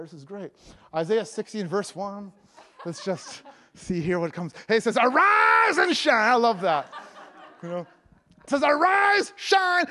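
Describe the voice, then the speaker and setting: A man evangelist preaching a sermon, joking and laughing between lines and breaking into loud proclamations of scripture. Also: high voice. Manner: jokey, laughing often, bursts of loud proclaiming.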